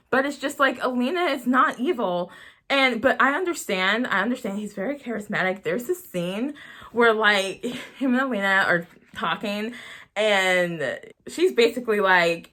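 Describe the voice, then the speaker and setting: Casting note: woman book vlogger, slightly high, bright voice, bubbly, giggly, rambling review chat. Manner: bubbly, laughs often, gushes and rambles.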